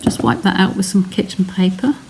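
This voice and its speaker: A woman's voice: medium pitch, brisk, vocal fry, background noise. An English woman giving a live card-making demonstration, chatting casually and narrating each step while answering viewers' comments. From England. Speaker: craft demonstrator.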